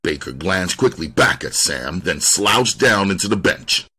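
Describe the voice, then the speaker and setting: A man narrates a crime novel in a very deep, husky voice. He reads at an unhurried, deliberate pace, letting each line settle. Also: animated, bright, forceful tone. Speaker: audiobook reader. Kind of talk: scripted narration.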